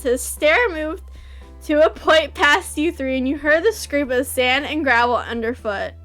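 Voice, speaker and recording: A woman reading a visual novel aloud and reacting, excitable and gushing, often shrieking with delight. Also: high voice.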